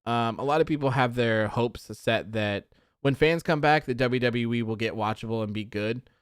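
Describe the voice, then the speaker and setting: Young male streamer, smooth clear voice, dry close sound, rambling frustrated rant. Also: medium pitch, moderate pace, dry recording. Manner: frustrated, rambling, reads chat comments aloud. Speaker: livestream host. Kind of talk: casual wrestling post-show chat.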